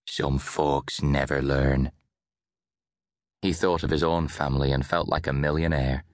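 A male audiobook narrator with a very deep, low voice, reading in a measured, even storytelling way. The sound is dry and close, with no room reverb. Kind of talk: scripted narration.

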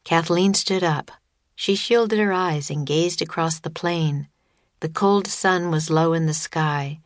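A woman narrates a children's audiobook in a slow, unhurried way, her voice sitting a little low. The delivery is measured storytelling, recorded close and dry in a studio. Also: no room sound. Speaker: author reading her own book.

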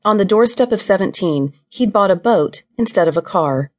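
A woman reading a novel aloud as audiobook narrator, in an even, measured storytelling way. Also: mid-range voice.

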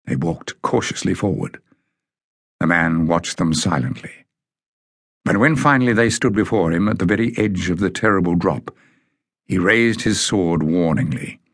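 A man narrating a children's fantasy audiobook in a measured, deliberate way. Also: low voice, animated, dry recording, clean studio sound. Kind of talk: scripted narration of a children's novel.

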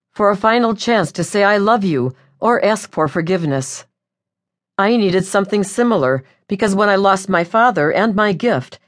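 A woman narrating a first-person audiobook in a wry, lively way. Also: fairly low pitch.

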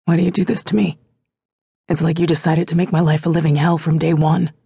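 Brooding young male love interest read by a woman narrator, low and hushed, slightly husky, bone-dry studio sound, audiobook romance. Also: flat delivery, fairly quick, no echo, heavily acted. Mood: reproachful. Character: brooding young male lover, weary and tender.

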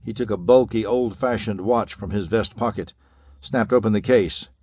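A man's voice: fairly low pitch, moderate pace, a little mellow, slightly rough, no echo. Male narrator reading pulp fiction dramatically. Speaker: audiobook narrator.

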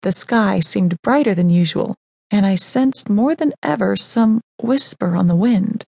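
A woman's voice: medium pitch, expressive, a little slow, creaky, mellow, no room sound, clean studio sound. A woman reading a first-person novel aloud as an audiobook narrator, in an earnest, emotive storytelling voice.

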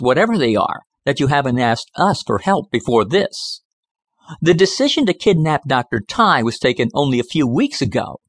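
A man voicing a cool, sharp-witted woman federal agent in an audiobook, speaking in a clipped, flat, businesslike way. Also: fairly high pitch, husky, dry recording, clean studio sound, full character voice.

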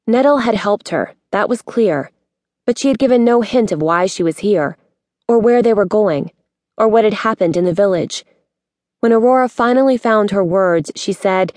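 A woman narrating an audiobook in a steady, measured way, recorded close on a studio mic. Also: medium pitch, no room sound. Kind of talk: scripted narration.

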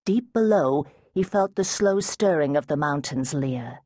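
A woman reads a fantasy audiobook in measured, steady narration. Her voice sits low and a little husky. The recording is dry and close, with no room sound. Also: no room sound. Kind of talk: scripted narration.

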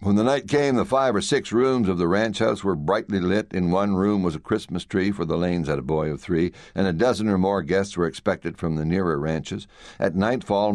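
A man narrating a classic story for an audiobook in a measured storytelling manner, recorded on a close studio mic. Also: deep voice, darkish tone, no room sound. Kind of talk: scripted narration.

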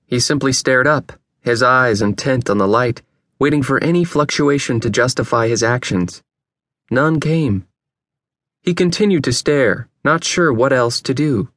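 A male audiobook narrator of middle pitch who reads with steady, even storytelling. The sound is dry and close, with no room echo. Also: measured pace. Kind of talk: scripted narration.

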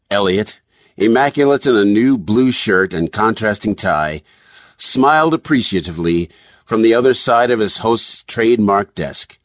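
A male audiobook narrator with a lowish, husky voice that rises and falls expressively. He sounds close to the mic in a dry, dead space. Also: moderate pace, no room sound. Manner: expressive storytelling. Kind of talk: scripted narration.

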